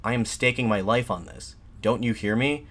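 A man voicing a defiant nationalist addressing soldiers from a balcony, in an impassioned, shouted pleading manner. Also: medium pitch, normal speed, voice pushed up, lightly acted. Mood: fervent, shouting.

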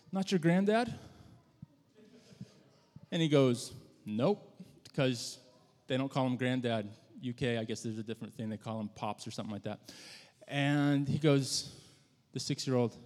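A man's voice: medium pitch, a little mellow. Man preaching in a reverberant hall. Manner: conversational, halting with frequent restarts. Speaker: pastor. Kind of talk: sermon storytelling.

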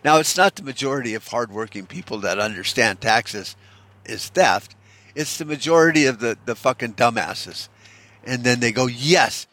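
A man's voice: mid-range voice, lively intonation, normal speed, fairly bright tone, dry recording. A middle-aged man in a casual opinion monologue, ranting bluntly and swearing freely as he talks. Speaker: vlogger.

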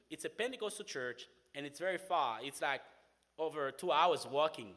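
A young man from Haiti with a Haitian accent, telling a personal faith testimony in an animated way, often saying "man". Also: a little high. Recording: long hall reverb.

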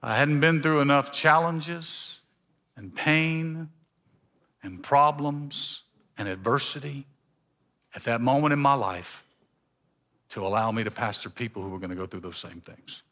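A man pastor preaching a sermon in a church, telling a personal story and shifting between loud emphasis and hushed, quiet lines. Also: mid-range voice, a little slow, long pauses.

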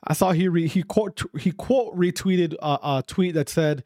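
A young man giving a profane, heated esports rant, repeating himself and dropping to quiet asides. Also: high-pitched, moderate pace, hardly any pauses. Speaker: esports commentator. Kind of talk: ranting casual commentary.

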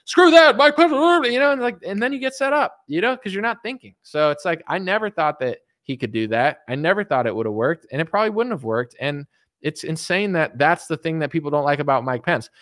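Young guy ranting about politics, kinda high voice, blunt and rambly, swears a lot, dry close sound. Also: a bit bright, no echo. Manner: rambling, emphatic, blunt, swears, repeats himself. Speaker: political commentator. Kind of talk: unscripted political rant.

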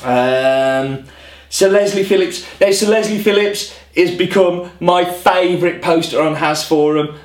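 Man, vlog host, raised pitch, chatty rambling delivery, self-deprecating asides, echoey room. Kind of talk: casual chat to camera. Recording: roomy echo.

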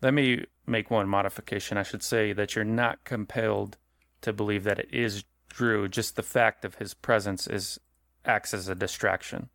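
A man acting as game master narrates a horror tabletop game in a relaxed, conversational style, often rephrasing mid-sentence. He talks at a normal speed in a somewhat low voice, recorded close and dry with no room sound.

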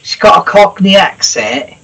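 A man's voice: high voice, lively intonation, a little slow, pushed and bright, slightly rough, rough recording. A man co-hosting a podcast, joking crudely in loose casual chat. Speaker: podcast co-host. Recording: off-mic with faint noise.

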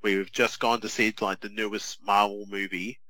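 This is a man, talking on a podcast in a chatty, animated way and restarting his sentences often. His voice is fairly low but very bright and sharp. The sound is dry and close, with no room around it. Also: moderate pace, no room sound, poor audio. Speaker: podcast co-host. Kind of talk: casual chat.

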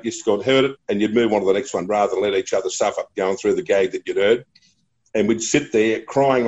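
A man's voice: fairly low pitch, darkish tone, dull audio. A middle-aged man with an Australian accent, a radio broadcaster telling chatty, laughing anecdotes in a casual interview. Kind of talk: casual storytelling.

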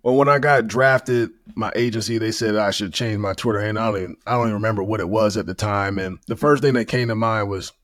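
A man's voice: lowish voice, fairly even intonation, fast talker, few pauses, a bit bright, dry recording, studio quality. A man in his thirties, a former pro running back, talking as a guest in a casual interview, humble and easygoing with many "you know" fillers.

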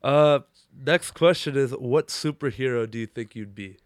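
A young man hosting a casual interview, speaking slowly and easily between laughs. His voice is mid-pitched and dry, close to the mic. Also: no echo. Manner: relaxed, slow-talking, laughs often. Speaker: podcast host.

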